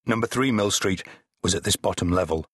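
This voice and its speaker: Husky-voiced male audiobook narrator. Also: deep voice, a little fast, fairly bright tone, dry recording, clean studio sound. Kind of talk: scripted narration.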